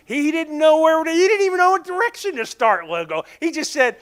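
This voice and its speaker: A pastor with a Southern accent preaching a sermon, telling stories and acting out the dialogue, teasing members of the congregation by name. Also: male voice, extremely high pitch, expressive, fast, few pauses, fairly bright tone, clear, resonant tone. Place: church sanctuary.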